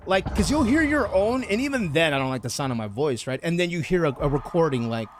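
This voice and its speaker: A man's voice: on the high side, very animated, quick pace, a little hiss or hum. A man streaming a game, chatting casually and joking, laughing often. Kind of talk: casual live-stream chat.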